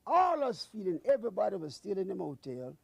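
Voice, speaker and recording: Man, husky voice, very lively pitch, emotional dramatic storytelling, dry sound. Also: brisk, no room sound. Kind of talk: eyewitness recollection.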